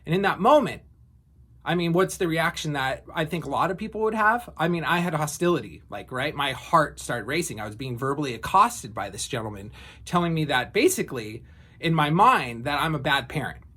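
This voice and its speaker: A man's voice: fairly high pitch, expressive, brisk, sharp tone, slightly rough. A man in his thirties telling a personal story in a casual, reflective way, with frequent fillers and restarts. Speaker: vlogger.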